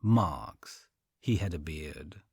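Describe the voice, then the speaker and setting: A man's voice: extremely low pitch, lively intonation, extremely slow, darkish tone, slight background noise, pitched below the performer's own voice, full character voice. A man reading an easygoing shopkeeper. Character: easygoing small-town male shopkeeper.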